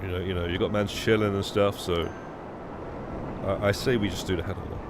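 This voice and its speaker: A man's voice: low-pitched, level tone, fairly quick, background noise. A young British man streaming a game, chatting casually and rambling with restarts and swearing. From United Kingdom. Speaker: live streamer. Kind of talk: casual gaming stream chat.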